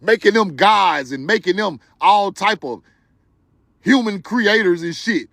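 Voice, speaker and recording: A man hosting a livestream, talking straight to his viewers in an animated, preachy, joking way with loud bursts of laughter. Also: sits high, a little slow, vocal fry, no room sound, clean studio sound. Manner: talks to viewers directly. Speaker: livestream host. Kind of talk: excited livestream commentary.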